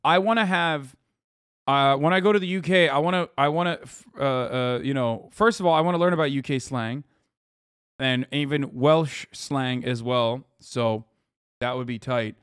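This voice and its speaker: A man's voice: mid-range voice, normal speed, a bit bright, clean tone, no room sound, clean studio sound. A man hosting a livestream, reacting casually with profane, sarcastic, rambling talk full of restarts. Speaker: livestream host. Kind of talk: casual stream reaction commentary.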